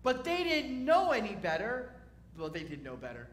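A man's voice: high voice, huge pitch swings, normal speed, a bit bright, reverberant. A man preaching a sermon as a rabbi, speaking in a conversational, wry way and asking his listeners questions.

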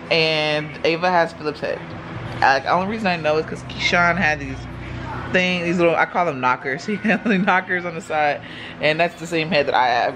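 Chatty young mom vlogging at home. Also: female voice, sits low. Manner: chatty, addresses viewers as y'all. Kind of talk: casual vlog talk to camera. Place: at home with babies. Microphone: phone held by hand. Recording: noisy home phone recording.

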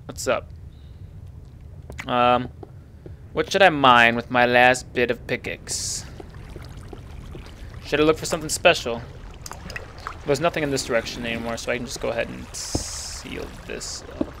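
A man commentating his own gameplay, chatty and easily exasperated, sometimes yelling at enemies. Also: mid-range voice, unhurried, creaky, long pauses, a little hiss or hum. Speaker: let's play gamer.

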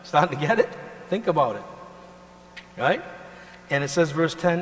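A male pastor preaching a sermon, emphatic and swinging between loud and quiet, often pausing to ask the congregation to finish his sentences. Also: a little high, sing-song. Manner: call-and-response questions to the congregation. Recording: reverberant hall with mains hum.

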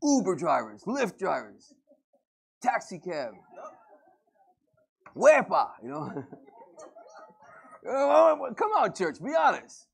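Animated husky preacher. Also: male voice, sits high, slow pace, pauses often. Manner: animated, joking, acts out everyday scenes. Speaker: pastor. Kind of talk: lively preaching sermon with humor. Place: church service before a congregation.

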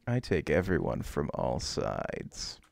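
Male performer in a put-on teasing voice: very deep, slow, gravelly drawl, affectionate flirt. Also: huge pitch swings, a little mellow, a little hiss or hum, full character voice. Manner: doting, calls everyone cutie.

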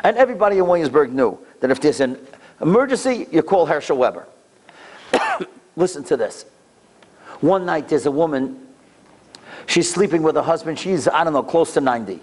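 A middle-aged man giving a storytelling lecture, animated and acting out voices in dramatic bursts. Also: fairly high pitch, moderate pace, pauses often.

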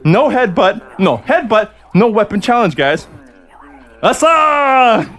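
A man hosting a live-streamed game, excitable and playful with loud exclamations. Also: high voice, slow. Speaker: gameplay host.

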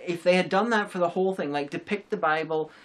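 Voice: medium pitch, fast talker. A co-host in a casual film review chat, explaining ideas at length with frequent restarts. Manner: rambling explanations with many restarts.

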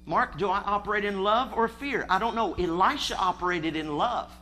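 A man's voice: sits high, moderate pace, sharp tone, slight background noise. A man preaching a sermon, emphatic, calling on the congregation to answer him. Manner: emphatic, calls for congregation responses.

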